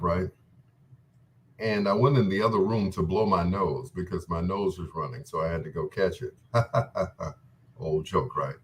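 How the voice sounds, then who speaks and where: A middle-aged man hosting a late-night love-song radio show, smooth and joking as he chats between songs. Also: deep voice, a little hiss or hum. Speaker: radio DJ and host.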